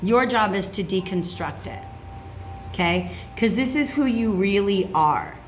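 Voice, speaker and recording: A woman's voice: mid-range voice, expressive, a little slow, faint music behind. A woman giving a casual tarot reading, chatty and reassuring, checking in with "okay?" often. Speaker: tarot reader.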